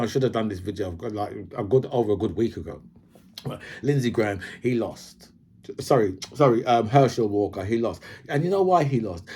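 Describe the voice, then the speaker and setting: Man, husky, loose off-the-cuff commentary, heavy "right?" habit. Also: medium pitch, a little mellow. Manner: rambling, says "right?" constantly. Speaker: video commentator. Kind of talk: casual opinion monologue.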